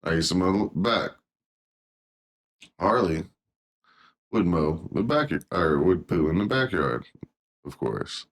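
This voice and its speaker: Deep-voiced man reacting casually. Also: expressive, takes it slowly, pauses often. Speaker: reaction video host.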